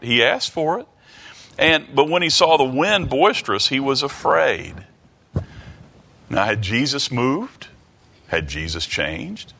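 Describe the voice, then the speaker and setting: A man preaching a Bible study sermon, halting and restarting, reading scripture aloud and asking the listeners many rhetorical questions. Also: mid-range voice, a bit bright. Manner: reads King James scripture aloud.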